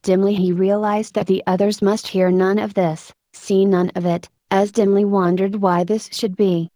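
A woman narrating a story in a steady, measured reading voice. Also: medium pitch, no echo. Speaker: audiobook narrator.

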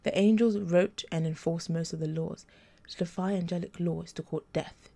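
Blunt half-human detective, pressing and urgent, a woman reading him. Warm, gravelly. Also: on the low side, fairly even intonation, moderate pace. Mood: lecturing. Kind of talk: audiobook character reading.

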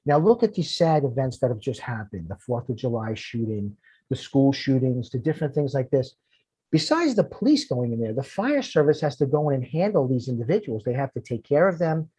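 A man's voice: mid-range voice, very animated, a little fast, dark tone, slightly rough, no room sound. A man, a firefighter and podcast guest, telling emotional personal stories earnestly, often repeating words when moved.

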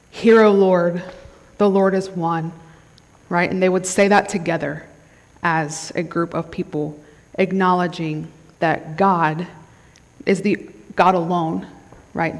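A woman's voice: fairly low pitch, steady tone, a little slow. A woman giving a conversational sermon at a conference, often checking in with the crowd. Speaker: conference speaker. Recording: long hall reverb.

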